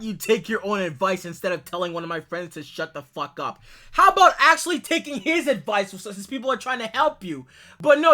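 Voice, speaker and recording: A creator rants furiously in a profane call-out video, cursing at an ex-partner between screenshots. The voice is sharp and tense, and the pitch leaps up and down with the anger. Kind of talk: angry call-out monologue over screenshots.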